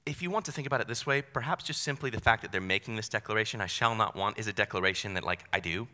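A young man preaches with a very bright, forceful voice and an easy, conversational manner. He slips in self-deprecating asides as he works through the text. The sound carries a long reverb, as in a large hall. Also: on the low side, racing. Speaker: pastor. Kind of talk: sermon.

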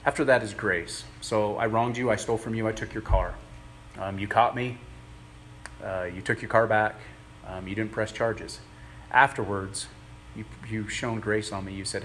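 A man giving a conversational sermon, earnest and plain-spoken, pausing often as he works through his thoughts. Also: on the low side, fairly even intonation, fairly bright tone, slight background noise. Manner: earnest, plain-spoken, halting with many pauses. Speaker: preacher.

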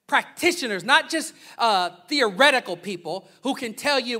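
Pastor guy preaching, high bright voice, goes loud then soft and jokey. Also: normal speed. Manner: animated, swinging from loud preaching to soft asides. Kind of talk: sermon.

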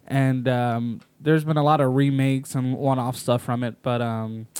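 A man's voice: medium pitch, level tone, unhurried, a little mellow, clean tone, no room sound. A man co-hosting a podcast in casual banter, laid-back and laughing easily. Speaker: podcast co-host.

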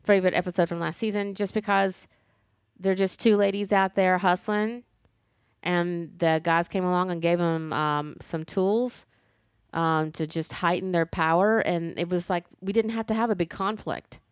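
Chatty low-voiced woman, dry sound. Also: clean tone, dry recording. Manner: animated, chatty, quick asides and playful sass. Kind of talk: casual chat reviewing a TV show.

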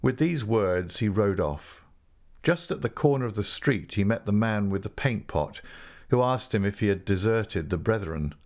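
A man narrating a classic novel in a measured, expressive audiobook reading. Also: fairly low pitch.

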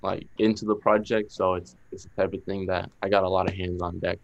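A young man with a Boston accent, a musician talking casually in an interview, relaxed, with lots of "like" fillers. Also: deep voice, a little fast, vocal fry, lo-fi sound. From Massachusetts. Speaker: musician guest.

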